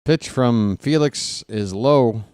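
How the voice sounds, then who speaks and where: A man's voice: medium pitch, slow pace, darkish tone, clean tone, dry recording, clean studio sound. A man doing casual, rambling play-by-play for a live stream, joking and snapping at the umpire. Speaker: fan play-by-play commentator.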